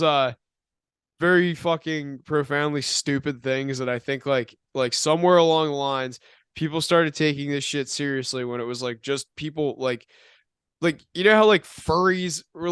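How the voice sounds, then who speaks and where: A man's voice: fairly high pitch, a bit bright, clear, resonant tone, no room sound, studio quality. A young man co-hosting a casual podcast, rambling and swearing, with lots of filler words. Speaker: podcast co-host.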